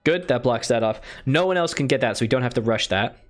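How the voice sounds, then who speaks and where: A man's voice: mid-range voice, expressive, quick pace, faint music behind. Man muttering over a strategy game. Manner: muttering, self-deprecating, thinking aloud. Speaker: strategy game let's player. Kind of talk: casual gameplay commentary.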